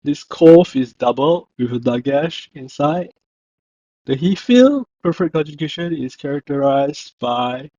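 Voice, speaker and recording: A man's voice: mid-range voice, mellow, dry recording. A man narrating a language lesson, saying each word and then repeating it with stress. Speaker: language teacher. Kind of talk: slow scripted lesson narration. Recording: dull lo-fi voice-over.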